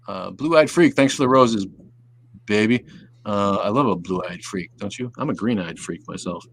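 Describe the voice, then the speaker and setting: A livestream host from Southeast Wisconsin reads viewer comments and rambles profanely, often trailing off into mumbles. His voice is lowish and creaky, at a normal speed.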